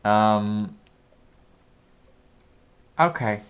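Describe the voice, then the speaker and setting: A man's voice: lowish voice, drawn-out words, a bit bright, clean tone. A man streaming a game live, thinking aloud and reading the game's text aloud between short reactions.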